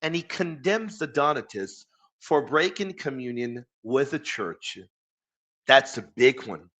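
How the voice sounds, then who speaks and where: Guy hosting a live stream, bright voice, super animated, hypes up his viewers. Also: mid-range voice, measured pace. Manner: enthusiastic, thanks viewers, reads quotes aloud. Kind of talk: casual live-stream chat.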